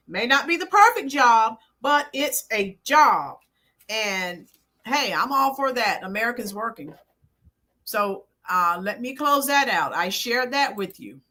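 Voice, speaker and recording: A woman's voice: sits high, pushed and bright. A woman hosting a live-stream political commentary, emphatic and punchy, greeting chat viewers by name. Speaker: livestream commentary host.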